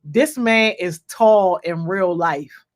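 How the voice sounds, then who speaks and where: A woman hosting a youth program on a video call, giving casual, slangy shout-outs with lots of "yo" and laughter. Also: lowish voice, slow. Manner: energetic, slangy, peppers speech with "yo" and laughter.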